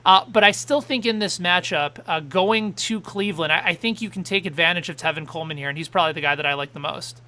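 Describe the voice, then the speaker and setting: A man hosting a live fantasy football talk show, excitable and quick in back-and-forth, reading out viewer questions. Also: high voice.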